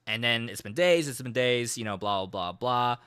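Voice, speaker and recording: A man giving a casual recap of a game he played, an animated storyteller who swears freely. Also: mid-range voice, normal speed, clean tone, no echo. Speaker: gaming streamer.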